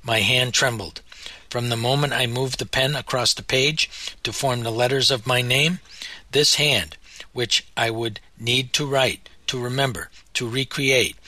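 A man narrating a memoir audiobook with a very bright, crisp tone. His pitch sits in the middle for a man. He reads in measured, solemn phrases, and the recording is dry and close with no room echo.

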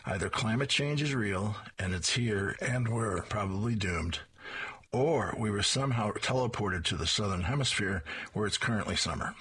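A man's voice: on the low side, lively intonation, moderate pace, fairly bright tone, slightly rough, exaggerated voice. A man voicing a wry comic-strip mother making a joke.

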